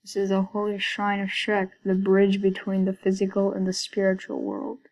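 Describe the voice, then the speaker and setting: A woman's voice: mid-range voice, completely flat delivery, normal speed, darkish tone, natural voice, poor audio. A woman reading as a solemn shrine guardian. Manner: formal, warning tone. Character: solemn guardian of a holy shrine, stern and formal.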